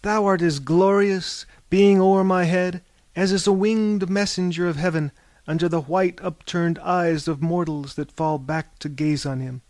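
A man reading a storybook, putting on an excitable, flowery-speaking friend who exclaims and pleads. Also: high voice, measured pace, no room sound. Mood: exclamatory.

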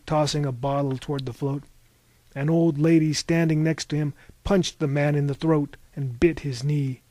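A man reading a story aloud as narrator, with measured storytelling that rises into animated bursts. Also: on the high side, no echo.

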